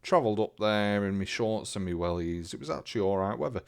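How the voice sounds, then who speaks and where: Casting note: young male podcast co-host, low gravelly voice, self-mocking rambler. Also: lively intonation, quick pace. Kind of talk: casual chat.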